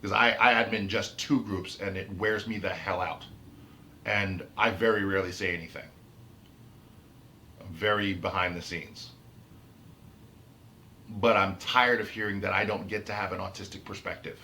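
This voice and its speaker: A man's voice: deep voice, fairly even intonation, normal speed, long pauses, sharp tone, a little hiss or hum. A man ranting about his autism in an unscripted vlog, heated and emphatic, repeating and restarting his phrases. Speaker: autistic vlogger. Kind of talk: unscripted rant to camera.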